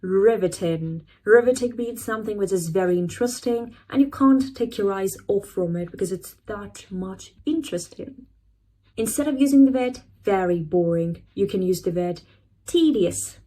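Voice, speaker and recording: A woman hosting an English vocabulary lesson, saying each new word slowly and repeating it so learners can copy it. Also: medium pitch, mellow, poor audio. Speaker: English teacher, channel host.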